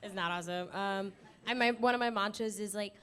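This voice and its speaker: A woman voice actor on a live panel, talking excitedly and laughing. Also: medium pitch, brisk, a little hiss or hum. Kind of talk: casual panel talk.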